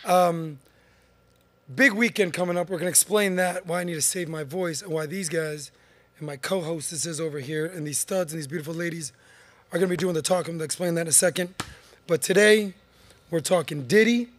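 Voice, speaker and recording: A man's voice: on the high side, fairly quick, a bit bright, no room sound. A man hosting a podcast in casual studio chat, upbeat and teasing his guests, with a voice he says is going. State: losing his voice. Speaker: podcast host.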